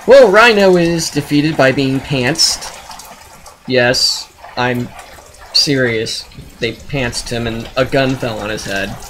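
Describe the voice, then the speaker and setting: A man reviewing a movie in a sarcastic, exasperated rant, often jumping into high, incredulous outbursts. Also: slow pace, a bit bright, a little hiss or hum, low-quality recording.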